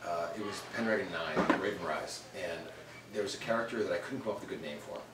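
A man's voice: deep voice, quick pace. A middle-aged man, an author, talking casually in an interview and animatedly acting out small scenes as he tells stories. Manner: animated storyteller who acts out little scenes. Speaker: author interviewed about his books. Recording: faint ambient noise.

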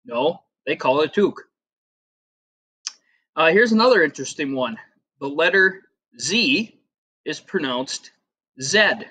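A man's voice: a little high, animated, unhurried, pauses often, pushed and bright, breathy edge. A man from the United States in his thirties, teaching a casual geography lesson with frequent fillers and personal stories. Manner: chatty, rambling, with filler words and personal anecdotes. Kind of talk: casual classroom video lesson.

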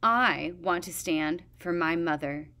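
A woman voicing a young female dragon who speaks shakily and turns shrill when upset. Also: slow pace, pushed and bright, heavily acted. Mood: resolute.

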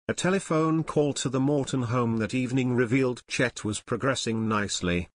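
A man reads a novel aloud in a steady, measured narrator's voice. His pitch is middling, and the close mic leaves the sound dry, with no room echo. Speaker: audiobook narrator. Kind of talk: unabridged audiobook narration.

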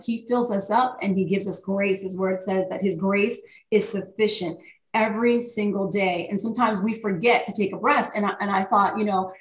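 A woman author and pastor sharing her story in an interview, animated and full of fillers and restarts. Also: mid-range voice. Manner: animated, many fillers and restarts, warm testimony. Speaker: author guest; worship leader and pastor. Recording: echoey room with faint noise.

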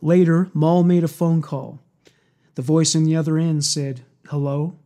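A man with a fairly high but mellow voice reads a dark true story aloud. His delivery is steady and measured, with a quiet intensity. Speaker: narrator. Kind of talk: scripted true-crime narration.

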